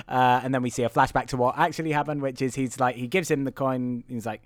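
A man's voice: medium pitch, fairly even intonation, brisk, hardly any pauses, no room sound, studio quality. A man co-hosting a podcast, casually recapping a film plot and acting out little quotes. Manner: chatty storyteller, acts out quotes. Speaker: podcast co-host.

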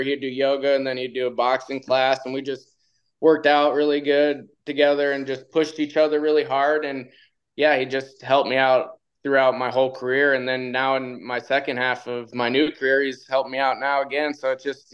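A laid-back man spins a story as a podcast guest, chuckling along the way. His voice is smooth and clean. The sound is a bit muffled and dull. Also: mid-range voice. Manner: laid-back, laughs through his stories. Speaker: guest, retired bull rider. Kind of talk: casual storytelling.

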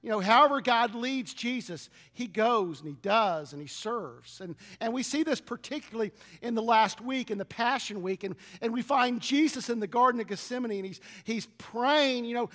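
A man's voice: very high voice, lively intonation, normal speed, hardly any pauses, fairly bright tone, long reverb tail. A man preaching a sermon as pastor, earnest, often restarting his words and asking the congregation to repeat lines after him.

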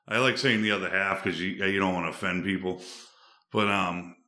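Rambling low-voiced man, roomy sound. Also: steady tone, normal speed, sharp tone. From Boston suburbs, USA. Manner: rambling, laid-back, many fillers. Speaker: podcast guest. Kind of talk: casual chat. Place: studio. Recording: roomy echo.

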